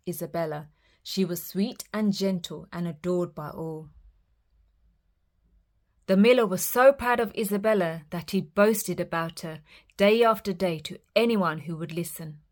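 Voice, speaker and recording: A woman storyteller reading children's fairytales aloud in a lively, expressive way. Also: lowish voice, a little slow.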